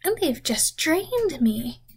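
A young woman telling an absurd comedic story in a deadpan, rambling, half-whispered way, with lots of swearing. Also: high voice, slow. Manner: deadpan rambling, many swear words and 'freaking'. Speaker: content creator.

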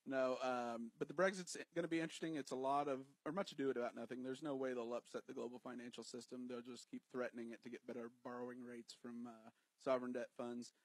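A man co-hosting a podcast, chatting casually with quick laughing asides. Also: mid-range voice, steady tone, no echo, poor audio. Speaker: podcast co-host. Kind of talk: casual chat.

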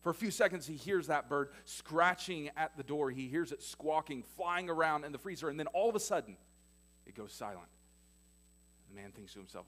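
A male pastor preaching in a church, retelling stories in a fairly high voice. His delivery swings between emphatic, louder passages and quiet, hushed ones. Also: sing-song, moderate pace. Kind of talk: sermon.

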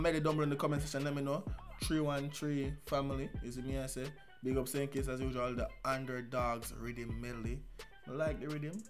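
A young man with a Jamaican accent, a music reaction vlogger talking casually in patois with loud excitable bursts. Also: mid-range voice. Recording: music playing loudly behind.

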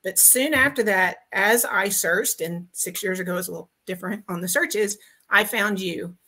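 A woman's voice: medium pitch, normal speed, bright, forceful tone, slightly rough. A woman from Texas calling in to a podcast over video, giving a heartfelt, grateful testimonial with many ums and restarts. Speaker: guest caller.

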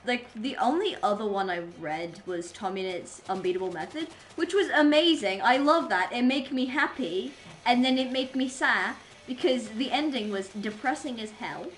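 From her home streaming setup, a young adult woman chats casually while gaming, rambling and being silly. Her voice is slightly high, and there's a little hiss or hum.

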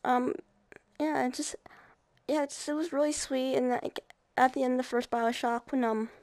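A woman's voice: sits high, steady tone, moderate pace, darkish tone, dry recording, low-quality recording. A woman giving casual let's-play commentary, emotional and rambling with many fillers. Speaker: video game streamer. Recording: game music playing under voice. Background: game music.

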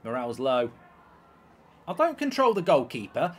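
A man's voice: fairly high pitch, big pitch swings, normal speed, slight background noise. A man streaming gameplay, ranting and swearing in exasperation as he commentates. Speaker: streamer and host.

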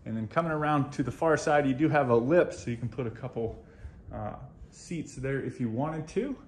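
A man's voice: mid-range voice, normal speed. A man hosting a home tour video, walking around a model house and gushing over its features in a chatty, upbeat way. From United States. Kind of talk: enthusiastic home tour walkthrough.

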